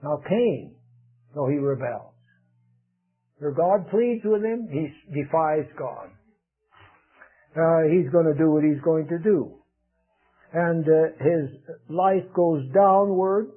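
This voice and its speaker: A man preaching a sermon, earnest and unhurried, pausing often with fillers. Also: fairly high pitch, breathy edge. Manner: slow, earnest preaching with many pauses and "uh" fillers. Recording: tinny phone-like radio broadcast.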